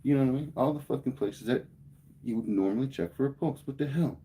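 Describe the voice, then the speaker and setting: Profane, ranting man with a dark voice. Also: mid-range voice, quick pace. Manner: profane, heated storytelling. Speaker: livestreamer. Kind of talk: casual rant to live chat.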